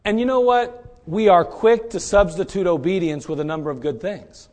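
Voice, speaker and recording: A man preaching a sermon, animated, moving from quiet asides to loud shouting and firing rhetorical questions at the congregation. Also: high-pitched, normal speed.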